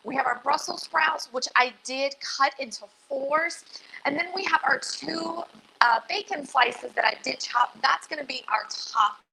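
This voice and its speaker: A woman's voice: high-pitched, measured pace, creaky, sharp tone, a little hiss or hum, poor audio. A woman hosting a live cooking demonstration as a dietitian, chatty, upbeat and a little nervous. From Louisiana. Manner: chatty and self-deprecating, nervous but upbeat.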